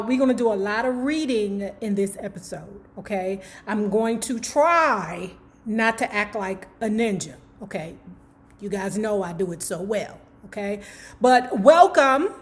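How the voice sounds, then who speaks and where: A woman hosting her channel, reading a book aloud and breaking off into slangy, playful asides to her viewers. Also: mid-range voice. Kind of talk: book reading with casual commentary.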